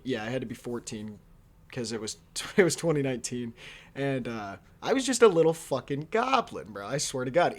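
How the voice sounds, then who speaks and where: A young man in his early twenties telling a story from his teens in a casual, profane, laughing way, full of slang. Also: mid-range voice. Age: young adult. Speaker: vlogger.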